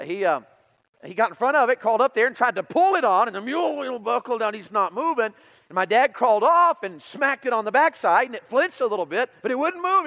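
A middle-aged man preaches with a notably high voice for a man, telling stories in an animated way. He moves between loud bursts and quiet, low passages. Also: low-quality recording. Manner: animated storytelling with big swings in loudness. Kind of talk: sermon.

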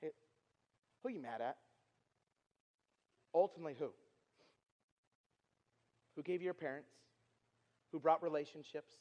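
A middle-aged man giving an earnest storytelling sermon as a youth speaker, repeating himself and dropping from loud to hushed. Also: on the high side, measured pace, pauses often, highs cut off. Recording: long reverb of a large hall.

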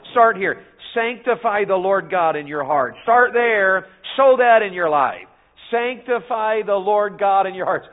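Folksy Southern preacher, high and thin. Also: male voice. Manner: folksy, calls to the congregation, preaches in bursts. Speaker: revival preacher. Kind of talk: revival sermon. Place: church sanctuary. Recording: phone-like narrow band.

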